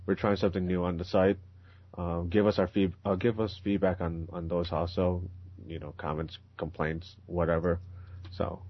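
Deep, husky, offhand podcast man. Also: flat delivery, moderate pace. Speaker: podcast co-host. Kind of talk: casual podcast chat. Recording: dry, muffled podcast recording.

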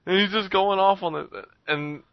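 A man's voice: high voice, steady tone, normal speed, no echo, dull audio. A young man telling a story in casual, rambling talk, swearing and laughing often.

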